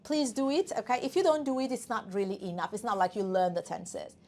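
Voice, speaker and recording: A woman's voice: mid-range voice, expressive, fast talker, a little mellow. A woman whose first language is Persian, teaching an online English test class, coaxing students and often checking in with "okay?".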